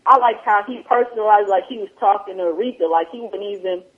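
A woman with a husky voice chats casually, animated and laughing often as she keeps quoting herself. The sound is tinny and thin, like a phone line. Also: medium pitch, quick pace. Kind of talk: casual podcast chat.

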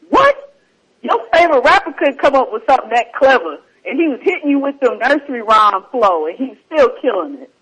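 High-voiced animated man with a husky tone. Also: a little fast, rough recording. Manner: animated, teasing, rapping lines aloud. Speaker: podcast host. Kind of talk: casual chat.

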